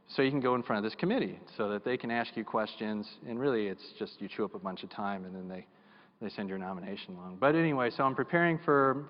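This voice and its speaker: Middle-aged man, keynote speaker, folksy and self-deprecating; dull sound with long hall reverb. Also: medium pitch. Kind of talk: storytelling keynote speech. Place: large conference hall.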